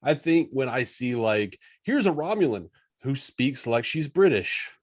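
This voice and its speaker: A man's voice: medium pitch, sing-song, unhurried. A man co-hosting a podcast, joking and teasing in casual chat. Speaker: podcast co-host.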